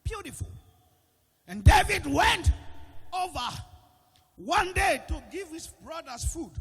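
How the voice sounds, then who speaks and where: High, gravelly Nigerian preacher shouting. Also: male voice, expressive, takes it slowly, in a large hall. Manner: shouting, sing-song preaching with call-and-response questions. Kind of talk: sermon. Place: church with a gallery.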